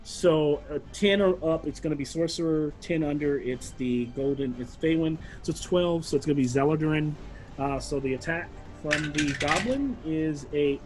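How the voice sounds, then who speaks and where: A man's voice: fairly high pitch, normal speed, noisy background. A man narrating a tabletop game as game master, rambling along with lots of fillers.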